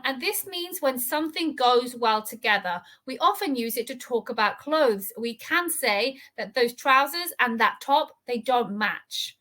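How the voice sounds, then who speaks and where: Bright-voiced woman teaching English. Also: a little high. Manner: clear, patient, checks in with frequent "okay?". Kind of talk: reading lesson explanation.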